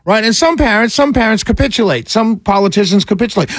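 A man's voice: high-pitched, very animated, a little fast, dry recording, clean studio sound. A man hosting a political talk show, giving opinionated, mocking commentary with frequent laughs. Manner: opinionated, mocking, laughs a lot, does whiny voices.

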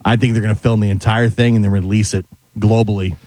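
A man's voice: on the low side, flat delivery, quick pace, darkish tone, dry recording. A man co-hosting a casual chat show, easygoing and agreeable. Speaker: co-host.

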